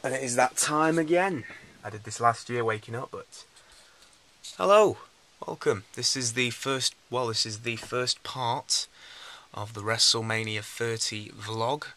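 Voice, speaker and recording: A young man, vlogging casually about his trip and getting loud and excited when he meets his friends. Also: mid-range voice, a little slow. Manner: chatty, gets excited and shouty with friends. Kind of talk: casual travel vlog. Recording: noisy handheld camera audio.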